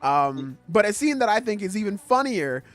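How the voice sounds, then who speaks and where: A man hosting a podcast, chatting casually about anime in an animated, profane way and laughing often. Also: high voice, normal speed, dry recording. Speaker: podcast host.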